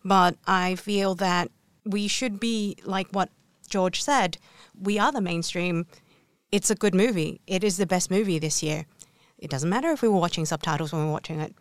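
A woman's voice: lowish voice, moderate pace, clear, resonant tone, no room sound. A woman guest in an interview, answering thoughtfully and filling her sentences with "like, you know.". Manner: thoughtful, hedging with fillers.

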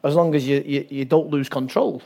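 A man's voice: medium pitch, a little fast, creaky. An older man from England, a football coach, telling stories in an interview, laughing often and acting out the voices of others. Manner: animated storyteller, laughs often, acts out voices. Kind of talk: talk-show interview.

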